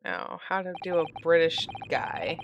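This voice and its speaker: A woman's voice: low-pitched, very animated, measured pace, gravelly, highs cut off. Playful woman chatting between game lines. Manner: playful, laughs often. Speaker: host reading a game aloud. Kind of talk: casual chat. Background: game music.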